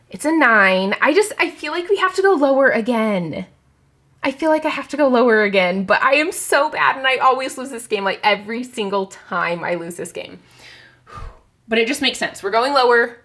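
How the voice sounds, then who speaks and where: A woman book vlogger chatting casually to her viewers, excitable and nervous, with quick giggles. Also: on the high side. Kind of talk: casual vlog chat to camera.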